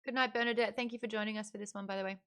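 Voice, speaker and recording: A woman hosting a casual book club discussion, chatty and animated, laughing often. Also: mid-range voice, rapid-fire, gravelly.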